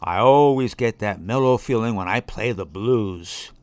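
A man voicing a laid-back male bass bow who talks slowly and mellowly. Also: darkish tone, no room sound, lightly acted.

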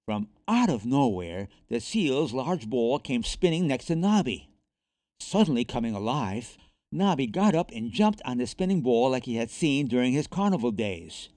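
Man, storybook reading, expressive, very lively pitch, dry close sound. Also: normal speed, no room sound. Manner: lively, expressive read-aloud. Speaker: narrator.

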